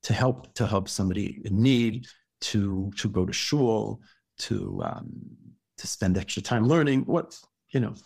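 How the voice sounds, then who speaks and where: A rabbi talking through parenting advice in a casual podcast chat, halting and restarting his words often. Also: lowish voice, big pitch swings, vocal fry, a little mellow, breathy edge, no echo.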